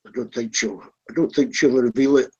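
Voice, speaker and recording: A man's voice: medium pitch, brisk, creaky, warm tone, husky, lo-fi sound. A man chatting bluntly in an online voice room, swearing and leaning on fillers. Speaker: chat room regular. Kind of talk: casual online group chat.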